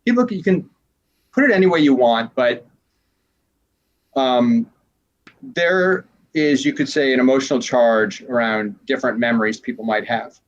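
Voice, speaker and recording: A man, a transformational coach, talking casually in an interview, rambling and animated as he acts out little quoted exchanges. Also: mid-range voice, unhurried, long pauses, lo-fi sound.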